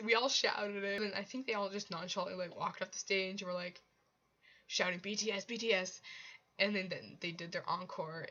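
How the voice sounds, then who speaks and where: A young woman chats excitedly through a concert recap, her voice bright and forward, words tumbling out with fillers and restarts. The recording sounds a little dull and lo-fi, like a home vlog. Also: medium pitch. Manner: gushing, rambling, many fillers and restarts. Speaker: vlogger.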